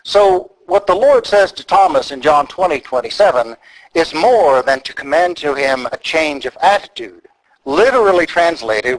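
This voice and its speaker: A man preaching an expository sermon, deliberate and emphatic as he walks through the text. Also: a little high, poor audio. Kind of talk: sermon teaching.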